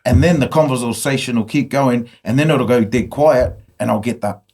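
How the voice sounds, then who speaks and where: A man's voice: mid-range voice, normal speed, a little mellow, a little hiss or hum. A man hosting a casual podcast interview, chatty and laughing easily. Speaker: podcast host.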